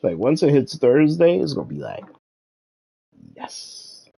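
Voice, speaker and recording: A man's voice: a little high, big pitch swings, brisk, vocal fry, warm tone, breathy edge. A young adult man streaming a video game, chatting in a laid-back, slangy, joking way. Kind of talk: casual gaming stream chat.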